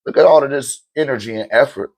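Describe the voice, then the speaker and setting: A man hosting a live stream in a relaxed, conversational way, speaking in an average-pitched voice. He keeps checking in with listeners as he explains things. When he chants lists of names, he falls into a rhythm and becomes more animated. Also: fast talker. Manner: loose, conversational, with rhetorical check-ins. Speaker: livestream host answering viewer questions on spirituality. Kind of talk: casual spoken teaching on a live stream. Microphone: streaming mic.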